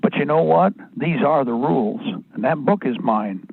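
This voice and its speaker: A man's voice: medium pitch, expressive, moderate pace, vocal fry, breathy edge, no room sound. A man hosting a talk radio show, rambling and blunt, often restarting his sentences, crude at times. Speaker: radio host. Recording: dry, tinny phone-like sound.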